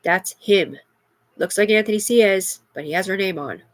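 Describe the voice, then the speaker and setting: A woman's voice: mid-range voice, normal speed, no room sound. Agitated, profane middle-aged woman. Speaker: livestreamer. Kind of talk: rambling livestream monologue.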